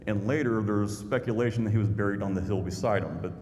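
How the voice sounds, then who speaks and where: A man's voice: fairly low pitch, fast, a little mellow. A man, a YouTuber giving a folksy storytelling talk to an audience. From Indiana, USA. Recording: long hall reverb, faint noise.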